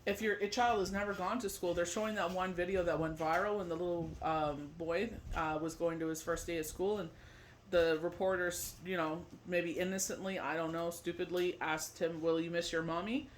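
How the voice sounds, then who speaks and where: A man's voice: sits high, steady tone, normal speed, slight background noise. A man giving a casual tarot forecast, rambling and leaning on "you know" fillers, switching between loose chat and read-out card meanings. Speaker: tarot reader.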